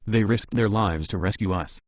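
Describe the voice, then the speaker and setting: A man's voice: lowish voice, normal speed, no room sound, clean studio sound, lightly acted. A man voicing an older woman surgeon who scolds a boy sternly.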